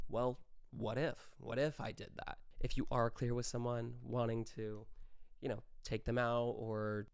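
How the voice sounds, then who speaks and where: A young man hosting a casual solo podcast, talking animatedly and acting out quick quoted exchanges. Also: mid-range voice, clean tone, no echo, studio quality. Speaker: podcast host.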